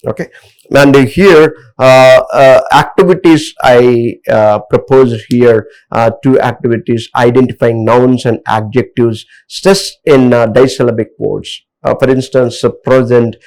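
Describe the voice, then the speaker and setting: A man's voice: mid-range voice, fairly even intonation, a little slow, a little mellow, rough recording. A man from India teaching an English lesson, explaining rules step by step with frequent fillers and restarts. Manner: hesitant, many fillers, explains over slides. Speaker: English lecturer. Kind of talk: classroom lecture on word stress.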